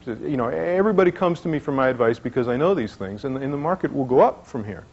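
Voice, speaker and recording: A man's voice: mid-range voice, animated, quick pace, a little mellow, slight background noise, lightly acted. A man playing a pompous market expert father who stammers and lectures. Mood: flustered. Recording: dull lo-fi recording.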